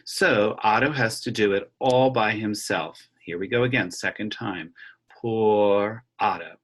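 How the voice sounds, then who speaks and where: A middle-aged man teaching elementary music over a video call, reading a picture book aloud and explaining rhythms slowly and patiently to children. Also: fairly low pitch, fairly bright tone, husky. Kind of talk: online music lesson with read-aloud. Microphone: computer mic on a video call.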